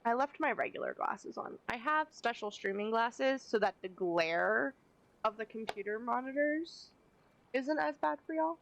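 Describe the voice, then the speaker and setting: A woman streaming a game from her home desk setup, talking into a desk mic. She chats casually and playfully, often poking fun at herself. Her voice sits a little high. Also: animated, unhurried, vocal fry, slight background noise, poor audio. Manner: chatty, playful, self-deprecating asides. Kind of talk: casual live-stream commentary.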